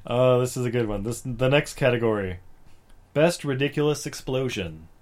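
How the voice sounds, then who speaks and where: A man's voice: medium pitch, moderate pace, slight background noise. A man co-hosting a podcast, casually presenting mock movie awards and laughing often. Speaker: podcast co-host.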